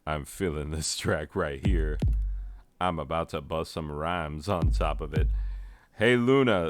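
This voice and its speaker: Deadpan male gamer, very low and unhurried, smooth clear voice. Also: no echo. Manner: deadpan, goofy asides, mock rapping. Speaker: gaming video host. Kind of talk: rambling joking game commentary.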